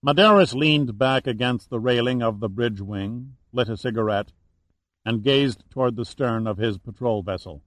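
A man narrates an audiobook in a steady, even storytelling manner, his medium-pitched voice recorded with no room sound.

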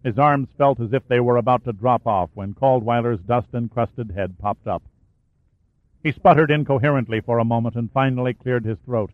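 A man narrates an audiobook in a steady, even voice at a middle pitch. The sound is narrow like a phone line and bone dry, with no room in it. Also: normal speed, dry recording. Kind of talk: scripted narration of a war thriller.

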